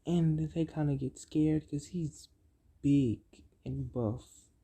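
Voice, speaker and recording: A storyteller making up a fan-fiction tale as they go, halting, with many fillers and self-corrections. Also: mid-range voice, warm tone, breathy edge.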